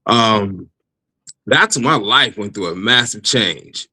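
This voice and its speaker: A man telling his personal faith testimony in a casual interview, animated, laughing often and restarting his sentences. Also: fairly low pitch, slow pace, dry recording, poor audio. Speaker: guest giving testimony.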